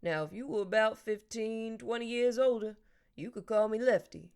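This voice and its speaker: A woman's voice: a little high, normal speed, a little mellow, clean tone, voice pushed up, close to an everyday voice. A woman voicing a kindly, teasing older man and grandfather who jokes in a dry, storytelling way.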